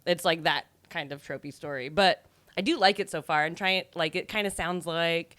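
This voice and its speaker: Chatty woman co-host, lowish voice. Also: moderate pace, fairly bright tone, no room sound. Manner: chatty, fills speech with "like". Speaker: podcast co-host. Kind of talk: casual chat about video games.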